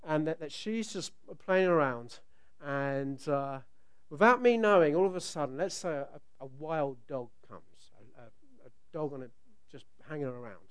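A middle-aged man delivers a sermon in a smooth, resonant voice that sits a little high. He tells stories with animated swings, now and then bursting loud as he acts out a scene. He sounds like he is speaking to a church congregation on a microphone. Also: moderate pace. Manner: animated storytelling, rising to loud outbursts when acting out scenes. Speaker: preacher.

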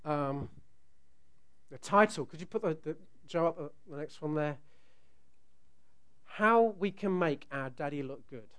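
A middle-aged man delivers a sermon in a smooth, resonant voice that sits a little high. He tells stories with animated swings, now and then bursting loud as he acts out a scene. He sounds like he is speaking to a church congregation on a microphone. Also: measured pace, long pauses. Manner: animated storytelling, rising to loud outbursts when acting out scenes. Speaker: preacher.

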